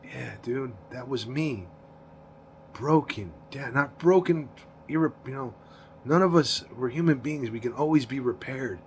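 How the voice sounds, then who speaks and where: A man's voice: medium pitch, measured pace, a little hiss or hum. A man in his forties giving a rambling, profane confessional monologue about his past, repeating himself and laughing between lines. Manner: rambling, profane, repeats words, frequent "you know what I mean". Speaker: vlogger recounting his past.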